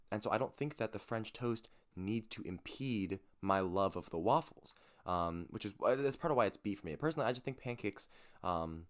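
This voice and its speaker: A man co-hosting a podcast, chatting casually in an enthusiastic, rambling way. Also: low-pitched. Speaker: podcast co-host. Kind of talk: casual chat.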